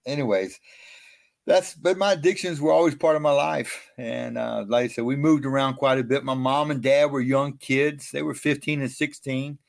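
A middle-aged man telling his life story as a guest in an interview, animated and self-mocking. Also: mid-range voice, normal speed, creaky, dry recording.

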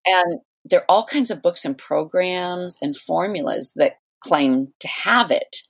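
Middle-aged woman author, lowish voice, measured and reflective guest. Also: lively intonation, gravelly, husky. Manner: thoughtful, measured, with soft laughs. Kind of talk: podcast interview.

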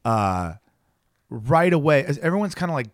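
A caricature artist tells a story in casual chat at normal speed, animated and swearing often, acting out the people he quotes with big jumps in pitch. His voice is recorded in clean studio sound with no echo.

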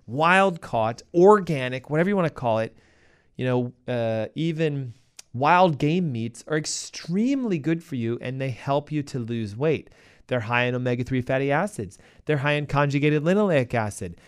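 Middle-aged guy hosting a health show, smooth clear voice, punchy and emphatic, fires off rhetorical questions. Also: mid-range voice. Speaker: health podcast host. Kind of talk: energetic health advice talk.

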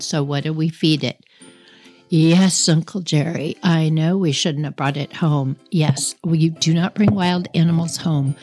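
An apologetic mother on the phone, reassuring and agreeable, as a woman puts her on. Her voice sits low and has a gravelly texture. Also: a little mellow.

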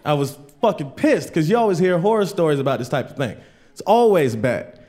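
A man's voice: on the high side, lively intonation, fairly quick, warm tone. A man doing a stand-up set in a comedy club, telling loose stories full of swearing and acting out the people in them. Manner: loose storytelling, swearing, acts out voices.

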